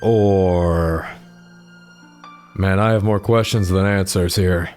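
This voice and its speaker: A man's voice: low-pitched, steady tone, normal speed, soft background music. A man hosting a gaming video, reading the game's text aloud with drama and dropping in wry asides of his own. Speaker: gaming channel host.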